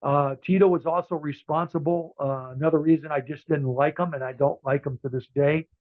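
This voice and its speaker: A man's voice: on the high side, steady tone, brisk, no echo. A man in his sixties, a former wrestler, tells rambling stories in a casual interview, with lots of fillers and restarts. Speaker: interview guest, former wrestler and ring announcer. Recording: tinny phone-like line, dry.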